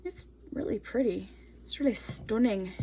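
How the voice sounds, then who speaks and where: A woman's voice: a little high, normal speed, vocal fry, noisy background. A young adult woman soap maker chatting casually through a tutorial, rambling into asides while she works.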